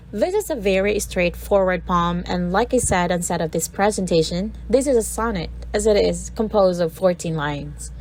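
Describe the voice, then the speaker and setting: A woman's voice: lowish voice, darkish tone, slight background noise, poor audio. A woman from the Philippines presenting a recorded literature lesson, reading a poem aloud and breaking down its sounds word by word.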